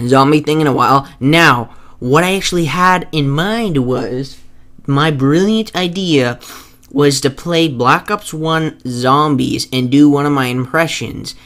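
A man's voice: mid-range voice, fairly bright tone. A young man making a gaming video, talking casually and eagerly to his viewers and often restarting his sentences. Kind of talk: casual talk to viewers over gameplay footage.

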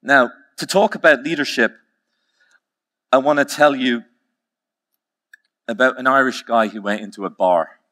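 Male keynote speaker, bright voice, emphatic storytelling with slow repeated lines. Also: mid-range voice. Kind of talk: conference keynote talk.

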